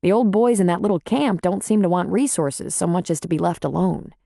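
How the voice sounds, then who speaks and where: A woman voicing a calm, plain-spoken man who runs a small-town bar, in an audiobook. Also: fairly low pitch, fairly quick, gravelly, dry recording, studio quality. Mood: steady. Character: Jack, male small-town bar owner, calm and steady.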